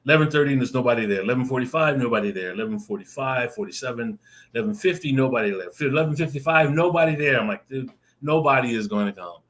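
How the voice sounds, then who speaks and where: A man on a video call telling a lively personal story, acting out the voices in it and laughing often. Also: mid-range voice, rapid-fire. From Arizona. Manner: animated, acts out voices in his stories, laughs often. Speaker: guest storyteller. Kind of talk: casual anecdote telling.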